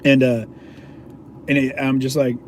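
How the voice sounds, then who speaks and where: Here the same sort of casual, slangy storytelling comes from a man who is an independent video journalist, chuckling often as he addresses viewers. His medium-pitched voice has little pitch movement and a darkish tone, his pace is a little slow, and slight background noise is audible.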